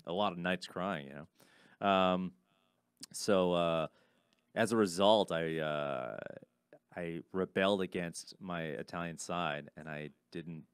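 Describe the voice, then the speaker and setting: A man's voice: low voice, fairly even intonation, slow, clean tone, dry recording. A man in his thirties, a podcast guest chatting casually and acting out quoted voices in his stories.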